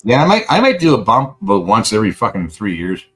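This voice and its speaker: A man's voice: on the low side, very animated, fast talker, a bit bright, rough recording. A man from Canada co-hosting a casual podcast chat, swearing freely and talking bluntly. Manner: swears a lot, loose and blunt. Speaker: podcast co-host.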